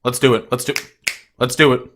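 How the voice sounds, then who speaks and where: A man's voice: medium pitch, flat delivery, a little fast, a bit bright, a little hiss or hum. Profane, ranting young male streamer. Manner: profane, combative, mocking. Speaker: livestream host. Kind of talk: ranting livestream chat with viewers.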